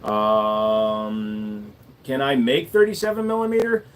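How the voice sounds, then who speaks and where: A gunsmith with a fairly low, steady voice answers viewers during a casual livestream chat. He's laid-back and full of wisecracks, drawing out the ends of his words.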